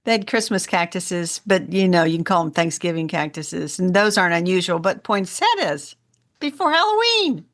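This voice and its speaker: A woman's voice: fairly low pitch, moderate pace, hardly any pauses. Chatty woman gardening podcast co-host. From Indiana, USA. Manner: chatty, animated storytelling. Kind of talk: casual gardening chat.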